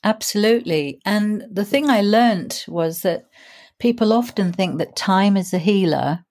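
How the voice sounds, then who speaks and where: A woman in her sixties, a grief coach telling her own story in an interview, reflective and earnest, slowing down to stress key points. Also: mid-range voice, lively intonation, a little mellow. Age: 60s. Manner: reflective, earnest, slows down for emphasis.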